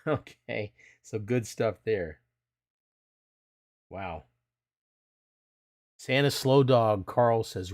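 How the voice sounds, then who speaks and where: A man's voice: on the low side, extremely slow, long pauses, darkish tone. A middle-aged man hosting a casual live stream, chatting in a folksy way and reading out viewer questions.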